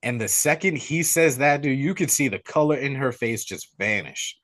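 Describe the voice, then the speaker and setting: A young man recaps a movie plot on a podcast with casual, excitable energy, calling his listener "dude" over and over. His voice sits in an ordinary male middle register. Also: medium pitch, normal speed. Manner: excitable storyteller, slangy, says dude a lot. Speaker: podcast host. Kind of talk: casual movie-review chat.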